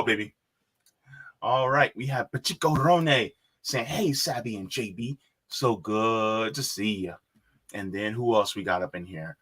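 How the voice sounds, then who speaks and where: A man's voice: mid-range voice, slow, long pauses, bright, forceful tone, husky. A man co-hosting a live stream, greeting viewers and reading chat messages aloud with frequent laughs.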